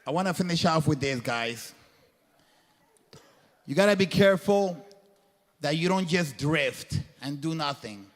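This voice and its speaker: A man's voice: on the high side, animated, unhurried, pauses often. A man giving a guest talk to a live crowd, speaking in an earnest, preacher-like way with a colloquial turn of phrase. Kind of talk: motivational faith talk. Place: event hall before a crowd. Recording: long hall reverb.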